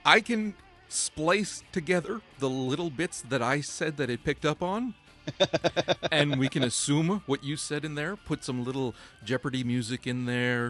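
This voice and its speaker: A man's voice: mid-range voice, fairly bright tone. A man co-hosting a podcast in casual chat, giggly and self-mocking, short on sleep and laughing to tears. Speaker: podcast co-host.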